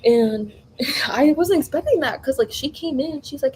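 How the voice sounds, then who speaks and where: Rambling young woman with a mellow voice. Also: high voice, moderate pace, slight background noise, poor audio. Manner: rambling, animated, lots of fillers and restarts. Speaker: vlogger. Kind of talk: casual storytelling while baking. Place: home kitchen.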